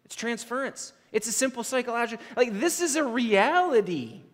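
Speaking in a very high, expressive voice at a moderate pace, a man delivers a sermon as a pastor in a large hall. His storytelling is loose and conversational, peppered with "like" and repeated "right?".

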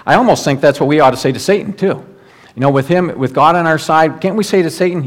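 Earnest and exhorting, a middle-aged male pastor preaches a sermon, slowing down and lowering his voice each time he quotes prayers or scripture.

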